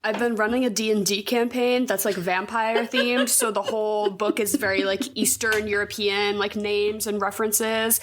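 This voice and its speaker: A woman's voice: medium pitch, fairly bright tone, a little hiss or hum. A woman co-hosting a movie podcast in casual chat, jokey and sweary, often laughing. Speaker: podcast co-host.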